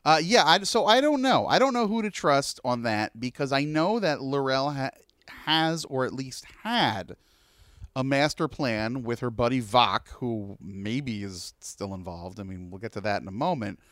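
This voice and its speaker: A man's voice: medium pitch, expressive, unhurried, a bit bright, dry recording. A man co-hosting a podcast, chatting casually and rambling about a TV episode with lots of fillers. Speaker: podcast co-host.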